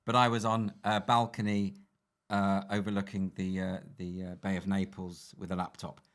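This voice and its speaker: A man's voice: sits low, flat delivery, normal speed, a bit bright. A man, an author guesting on a podcast, chatting with dry, wry wit. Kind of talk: casual comedic chat.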